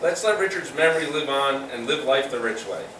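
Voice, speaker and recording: A man's voice: mid-range voice, lively intonation, brisk. A man speaking at a memorial, urging listeners on with rousing, exhortative lists. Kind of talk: motivational memorial speech. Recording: echoey room from a distant mic with ambient noise.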